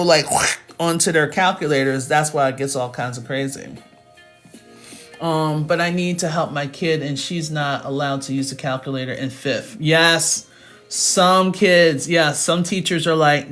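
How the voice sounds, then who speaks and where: Chatty laughing woman math tutor. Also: sits low. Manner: chatty, laughs often, talks to viewers. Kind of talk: casual livestream lesson.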